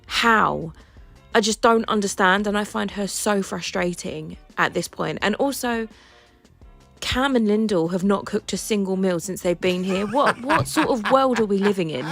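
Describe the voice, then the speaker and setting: A woman's voice: mid-range voice, moderate pace, creaky, fairly bright tone, soft background music. A woman, sending an exasperated, incredulous voice message. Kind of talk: recorded voice message.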